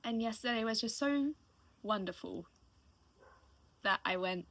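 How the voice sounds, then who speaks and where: In an unhurried, slightly high and somewhat bright voice broken by long pauses, a late-twenties live streamer talks to her audience. It's a casual, heartfelt chat in which she rambles emotionally and expresses her thanks.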